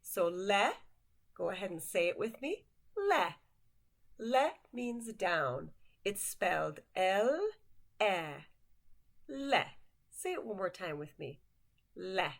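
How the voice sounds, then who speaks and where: A language teacher leads a slow vocabulary lesson, presenting basic words one at a time and patiently having the listener repeat each after her. Her voice is fairly low and expressive, with vocal fry and a measured pace.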